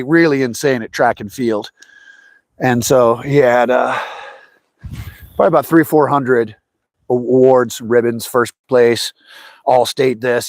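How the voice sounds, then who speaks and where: A man's voice: mid-range voice, no echo. Middle-aged man rambling through stories. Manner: rambling and anecdotal, lively voices for quotes. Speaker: fishing livestream host. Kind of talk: casual storytelling chat.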